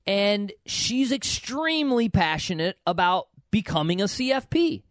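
A man hosting a podcast, giving emphatic, animated career advice to a student. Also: sits high, unhurried, no echo, clean studio sound. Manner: animated, emphatic, repeats words. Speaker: podcast host, financial advisor. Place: US, Kentucky.

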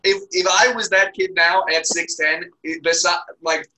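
A man's voice: sits high, fairly even intonation, moderate pace, pushed and bright, rough recording. A man chatting casually and crudely with a friend, laughing often as he jokes. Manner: laughs constantly, crude and joking. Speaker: podcast co-host. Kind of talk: casual comedic chat.

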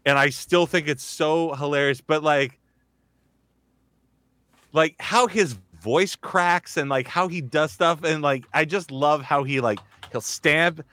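A man's voice: a little high, slow pace, a bit bright, no echo. A man hosting a casual chat, rambling with constant fillers and restarts. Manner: rambling, heavy use of "like", restarts. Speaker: host, voice actor.

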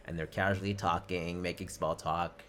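A man with a fairly low voice co-hosts a casual podcast, laid-back and chatty as he walks through scenes at length. Now and then he slips into quoted lines. A faint hiss sits behind him. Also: flat delivery, moderate pace, a bit bright. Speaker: podcast co-host.

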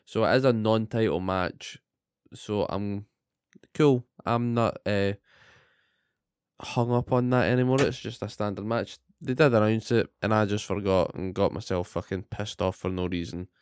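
A man in a sweary, animated rant, recapping wrestling as a podcast co-host. His voice sits low, smooth and resonant. The sound is dry and close, with no room. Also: normal speed, dry recording.

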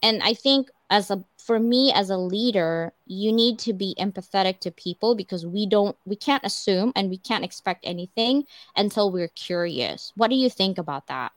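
A woman's voice: medium pitch, normal speed, hardly any pauses, dry recording. Chatty woman host, dry sound. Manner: animated storyteller, chatty. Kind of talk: casual chat.

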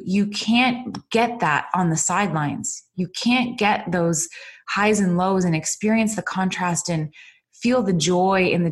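Woman, middle-aged, podcast host, unscripted motivational talk, earnest, slightly low pitch, recorded at a computer. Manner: earnest and emotional, with many fillers and repeated "you guys". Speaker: podcast host and business coach. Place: indoors at a computer. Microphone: computer mic.

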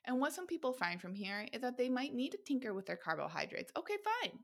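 A woman hosting a nutrition podcast, talking in an energetic, emphatic motivational monologue and swearing freely. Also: on the high side, fast, gravelly. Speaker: podcast host, nutrition coach.

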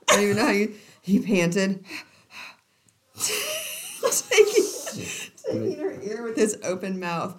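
A woman's voice: medium pitch, expressive, measured pace, long pauses. A woman co-hosting a podcast, reading romance passages aloud with lots of giggling and side comments. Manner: giggly, breaks off into laughter and asides. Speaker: podcast co-host.

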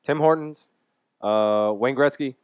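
A man's voice: medium pitch, slow, smooth, no room sound. A young man hosting a radio show, teasing his co-host in casual banter and swearing freely. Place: radio studio. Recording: slightly dull lo-fi sound.

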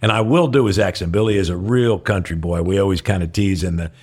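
An older man co-hosting a podcast in a studio, telling a story in an animated way and laughing often. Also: low voice, fast talker, breathy edge. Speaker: podcast co-host. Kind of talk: casual podcast chat. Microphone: studio mic.

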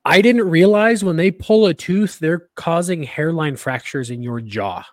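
A man co-hosting a podcast, telling a story in a casual, animated, rambling way full of restarts and laughter. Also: on the high side, a little slow, no echo. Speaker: podcast co-host.

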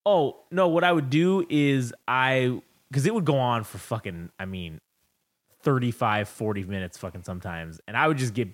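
A young man co-hosting a podcast, telling a rambling, profane story about raising his daughter in casual chat. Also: medium pitch. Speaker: podcast co-host.

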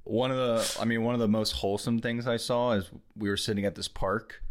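Brief young male podcast co-host, low voice, relaxed, swears a lot. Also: fairly quick. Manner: laid-back, swears a lot, laughs often. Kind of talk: casual chat.

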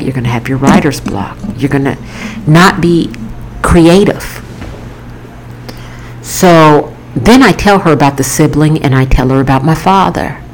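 A woman's voice: deep voice, a little mellow, a little hiss or hum, rough recording. A woman author telling an emotional personal story to her viewers, earnest and repetitive as she talks it through. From Florida.

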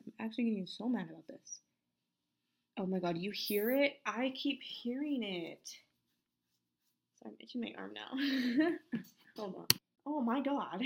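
Brief: woman narrator, vocal fry, casual, keeps fumbling words and restarting, raw home-mic read. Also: mid-range voice, darkish tone. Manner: stumbles over words, restarts and apologizes; casual and swearing, laughs at herself. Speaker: story narrator. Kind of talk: unedited story reading with outtakes. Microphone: home mic with headphones bumping it.

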